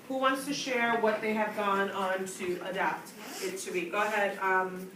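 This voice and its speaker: A woman's voice: medium pitch, fairly even intonation, normal speed, hardly any pauses. A woman teaching a grammar lesson to a class, explaining points and calling on students by name. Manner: instructive, calls on students and asks questions. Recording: echoey classroom, distant mic, background noise.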